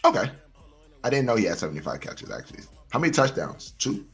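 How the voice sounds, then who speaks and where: A man's voice: mid-range voice, very animated, quick pace, loud music behind the voice. A man co-hosting a casual fantasy football podcast, often agreeing and swearing casually. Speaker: podcast co-host.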